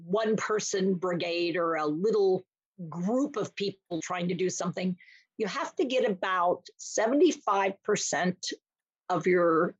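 A woman's voice: fairly low pitch, measured pace, husky, dry recording, lo-fi sound. A woman explaining dementia care in a podcast interview, acting out small scenes and voices as she talks. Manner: animated, acts out little scenes with voices.

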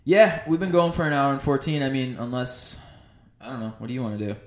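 A man's voice: mid-range voice, lively intonation, a little fast, echoey room. A man co-hosting a casual hockey podcast, laid-back and profane, joking with his friend. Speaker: podcast co-host.

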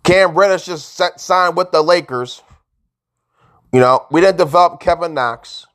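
A man ranting casually as a sports fan vlogger, frustrated, jumping between loud outbursts and low mutters. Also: fairly even intonation, unhurried.

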